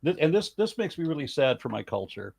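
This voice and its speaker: A man's voice: a little high, sing-song, brisk, vocal fry, a little mellow, slightly rough, dry recording. Give me a man chatting on a podcast, rambling with restarts, in a dry, close sound. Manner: rambling anecdotes with restarts and laughs. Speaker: podcast co-host. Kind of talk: casual chat.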